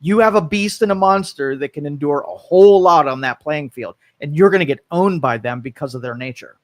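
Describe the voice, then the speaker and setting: A man's voice: fairly high pitch, fairly quick. A man hosting a call-in talk show, talking casually and rambling through opinions and comic stories. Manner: rambling, animated storytelling. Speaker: radio talk show host.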